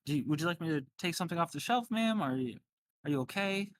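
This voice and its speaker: A man's voice: a little high, animated, quick pace, a little hiss or hum, voice pushed up, lightly acted. A man voicing a small, eager young female shop assistant in a tabletop game, helpful and a little fussy.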